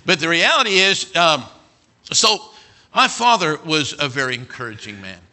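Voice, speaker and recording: A middle-aged male pastor preaching a sermon, telling stories and swinging from quiet asides to loud near-shouts. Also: a little high, sing-song, moderate pace.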